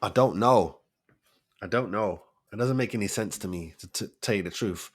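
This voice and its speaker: A man's voice: fairly low pitch, normal speed, husky. A man, hosting a casual solo commentary show, firing off rhetorical questions in street slang. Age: 40s. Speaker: host of a debate show.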